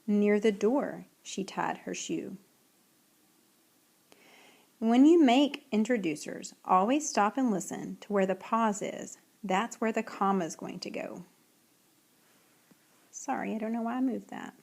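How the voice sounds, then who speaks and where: A woman teacher giving a recorded writing lesson, reading example sentences slowly and clearly. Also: medium pitch, a little mellow.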